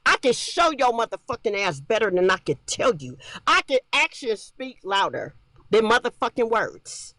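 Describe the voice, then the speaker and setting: An angry woman ranting on a livestream, profane, shouting and repeating herself. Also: fairly high pitch, big pitch swings, normal speed, dry recording.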